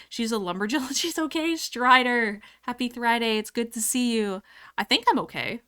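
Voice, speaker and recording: Young woman streamer, casual chat, giggly and chatty, mid-pitched, desktop mic. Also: sharp tone.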